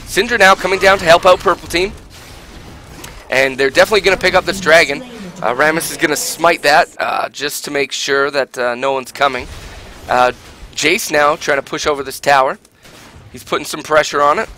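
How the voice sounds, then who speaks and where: A man giving solo live commentary on an online game, rising loud and high in fights, with many fillers. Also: normal speed, slight background noise. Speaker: esports caster.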